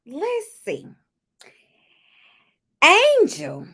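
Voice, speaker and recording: A woman casually recapping a reality show episode, chatting to viewers with lively asides and storytelling. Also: high voice, slow pace, pauses often.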